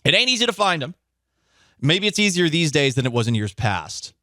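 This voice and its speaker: A man hosting a sports radio show, talking in a bright, forceful voice with wry, opinionated jokes. The sound is dry and close, like a studio mic in a small booth. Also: fairly high pitch, very animated, brisk, no room sound. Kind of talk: casual sports talk radio.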